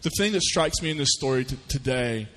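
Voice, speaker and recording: A man's voice: medium pitch, brisk, big-room sound. A man preaching a sermon, telling stories in a folksy way and voicing the people in them. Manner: folksy storytelling with lively voiced asides. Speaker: pastor.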